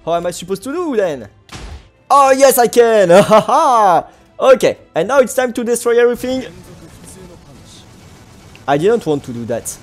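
Excitable gamer. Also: mid-range voice, normal speed, pauses often, faint music behind. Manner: excitable, exclaiming and laughing often. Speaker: gaming channel host. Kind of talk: Minecraft gameplay commentary.

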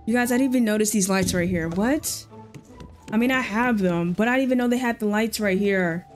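A woman live streamer chatting casually and excitedly with her viewers while she plays, using lots of slang. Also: medium pitch, fairly quick, soft background music.

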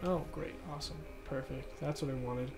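A man's voice: mid-range voice, fairly even intonation, normal speed, gravelly, music in the background. A man co-hosting a casual let's-play, joking and mock-complaining while he plays. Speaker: co-host, player.

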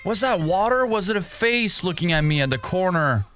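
A young man narrates his horror game run in a bright, ringing voice that swings widely up and down. He talks to himself the whole way through and yelps and gasps whenever something jumps out at him. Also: high voice, lively intonation, normal speed, a little hiss or hum. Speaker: gaming streamer. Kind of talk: horror game playthrough commentary.

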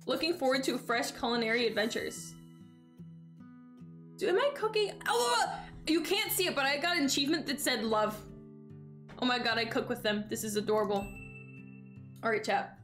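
With a fairly high, fairly bright voice and a slightly fast pace, a young woman chats playfully and dramatically with her stream audience while gaming, thanking her followers. Game music is faintly audible in the background.

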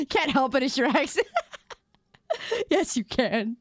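A woman's voice: high voice, expressive, takes it slowly, pauses often, no room sound, clean studio sound. A young adult woman live streamer in casual gaming chat, playfully teasing her viewers.

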